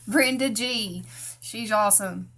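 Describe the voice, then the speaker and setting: She talks extremely slowly in a slightly high, fairly bright voice. This craft channel host from Tennessee, with a Southern US country accent, chats folksily through her live tutorial and greets viewers by name.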